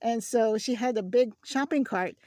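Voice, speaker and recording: Woman, craft haul host, casual storytelling, fairly high voice, mellow tone. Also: normal speed, no echo, clean studio sound. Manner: chatty, storytelling, frequent restarts.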